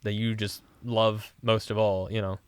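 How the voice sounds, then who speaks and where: A man's voice: lowish voice, level tone, normal speed, clean tone, dry recording, clean studio sound. A man co-hosting a podcast, chatting casually in a laid-back, rambling way with many fillers. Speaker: podcast co-host.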